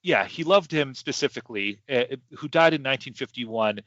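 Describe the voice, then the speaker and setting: A man's voice: medium pitch, lively intonation, moderate pace, a bit bright. A man hosting a podcast in casual chat, rambling and hesitant with many restarts. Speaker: podcast host. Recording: dull lo-fi sound.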